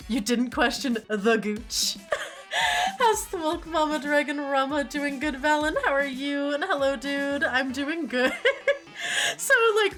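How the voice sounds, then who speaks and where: Woman streaming, bright voice going up and down a lot, laughs and swears, soft music behind. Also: sits high, takes it slowly. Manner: animated, laughing often, casual swearing. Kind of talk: casual stream chat.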